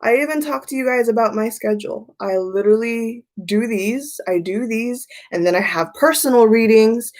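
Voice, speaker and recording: A woman hosting a tarot livestream, chatting casually and telling stories in a rambling way, often repeating herself. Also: on the high side. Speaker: tarot reader and livestream host.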